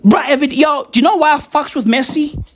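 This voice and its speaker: A man ranting casually and profanely, rambling and excitable, with sudden shouts. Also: very high voice, quick pace.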